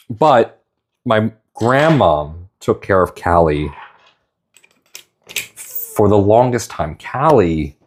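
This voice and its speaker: Young male streamer, low voice with lots of pitch movement, rambling and heartfelt. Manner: rambling, tender, stops to apologize while tearing up. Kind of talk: casual live-stream chat.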